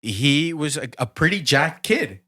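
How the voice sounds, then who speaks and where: A man's voice: on the high side, unhurried. A man who runs a wedding entertainment business, a podcast guest telling a story casually and animatedly, swearing freely. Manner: animated, swears freely, acts out quotes in raised voice.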